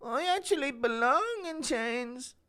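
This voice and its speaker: High slow synthetic voice, a woman's as a meek preachy young man. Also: animated, bright, forceful tone, exaggerated voice.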